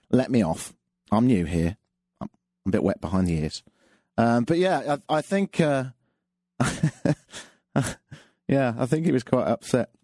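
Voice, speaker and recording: Lively self-mocking radio host. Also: male voice, medium pitch, no room sound. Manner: dry self-mocking storyteller. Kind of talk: casual monologue with jokes.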